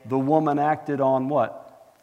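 A man preaching a sermon as pastor, animated and asking the congregation questions. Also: mid-range voice, takes it slowly, in a large hall, dull audio. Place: church.

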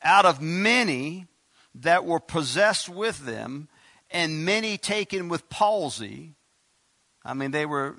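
A man preaching a sermon as pastor, emphatic, with sudden loud bursts and quick asides. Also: medium pitch, no room sound.

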